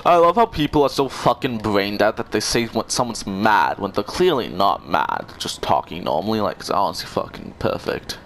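A man's voice: fairly low pitch, expressive, normal speed, hardly any pauses, fairly bright tone, slight background noise. A young man trash-talking other players in online game voice chat, sarcastic, mocking and swearing. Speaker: gamer.

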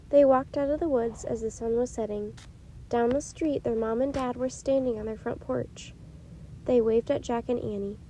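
A woman reading a children's chapter book aloud in a gentle, unhurried storytelling way, with a few small slips. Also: on the high side, a little hiss or hum, low-quality recording. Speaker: storytime reader.

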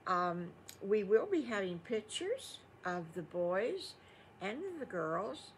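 A woman's voice: medium pitch, sing-song, takes it slowly, slight background noise. An older woman telling an improvised children's story in a folksy, chatty way, with asides to her listeners.

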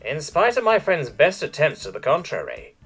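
A dry, no-nonsense female military captain, read by a male narrator gives brisk, wry orders. The voice is husky and plain, with an audiobook feel. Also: fairly high pitch, wildly swooping pitch, a bit bright, faint music behind, pitched above the performer's own voice, exaggerated voice. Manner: curt and wry.

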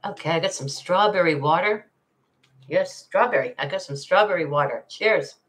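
A woman's voice: fairly low pitch, normal speed, a bit bright. A retired older woman chatting casually on a livestream, reading viewer comments, laughing often and calling people darling. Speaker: livestream host.

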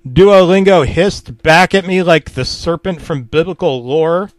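A man's voice: a little high, slow pace, dry recording. A man reading a comedic creepypasta in a mock-serious, self-deprecating tone, swearing freely. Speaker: narrator.

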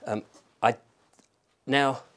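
A man's voice: medium pitch, fairly even intonation, very slow, fairly bright tone. A man from England chatting casually through a home cooking vlog, thinking aloud and making fun of himself. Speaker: vlogger. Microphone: microphone in a room.

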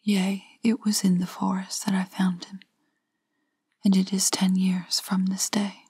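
Humble woodcutter guy done by a lady in whispered role-play, breathy and slow. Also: mid-range voice, monotone, darkish tone. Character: humble old-time woodcutter, a man.

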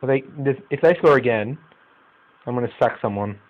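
An excitable young Australian man doing live commentary over a football manager game. His voice sits at an ordinary pitch, drops to grumbling mutters, then bursts into loud, swearing outcries. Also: normal speed, narrow, tinny audio. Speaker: gaming YouTuber.

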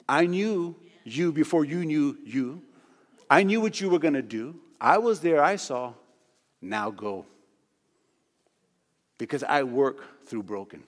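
A preacher speaking as a firm, commanding God. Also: male voice, fairly high pitch. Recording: long church hall reverb.

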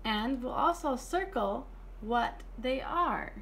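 A woman teaching young children online, speaking in a slow sing-song way as she counts and praises. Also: high voice, lively intonation, fairly bright tone, slight background noise. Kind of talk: online preschool lesson.

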